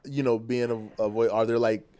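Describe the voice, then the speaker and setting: A man hosting a podcast, asking laid-back, halting questions full of fillers in casual interview chat. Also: medium pitch, steady tone, dark tone, clean tone. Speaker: podcast host.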